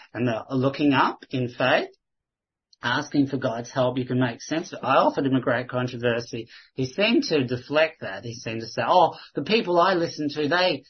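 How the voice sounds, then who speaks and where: A man tells rambling, earnest stories about conversations at work, doubling back and restarting as he goes. His voice is husky and mid-pitched. The recording sounds dull and lo-fi. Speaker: Christian sharing witnessing stories. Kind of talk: casual testimony chat.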